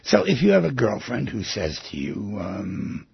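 A man's voice: on the low side, huge pitch swings, a little slow, creaky, husky, dry recording, lo-fi sound. A man hosting a radio talk show, musing aloud and asking his listeners many rhetorical questions. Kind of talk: reflective monologue on psychology.

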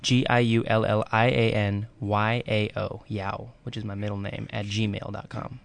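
A man's voice: on the low side, little pitch movement, measured pace, creaky. A man as a studio guest on a radio show, giving brief, offhand replies. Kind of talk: casual radio chat.

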